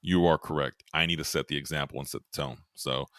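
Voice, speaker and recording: A man's voice: very deep voice, fairly even intonation, quick pace, fairly bright tone, no room sound, clean studio sound. A middle-aged man, a podcast guest, earnestly telling a personal story and repeating words as he thinks. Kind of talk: candid storytelling.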